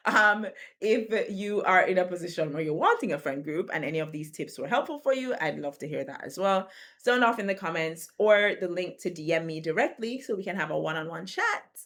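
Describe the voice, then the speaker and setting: A woman in her thirties talking casually to camera, chatty and quick to laugh, often repeating words as she rethinks a sentence, with slangy turns of phrase. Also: lowish voice, expressive, fairly bright tone. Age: 30s. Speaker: video creator. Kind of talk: casual direct-to-camera talk.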